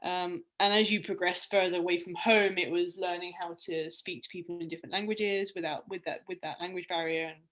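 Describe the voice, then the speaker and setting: This is a woman in her young adult years with a voice that sits on the lower side. She talks casually and reflectively, winding through her stories with frequent ums and restarts. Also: fairly even intonation, fairly quick, hardly any pauses, a bit bright. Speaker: guest, round-the-world cyclist. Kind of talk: casual podcast conversation.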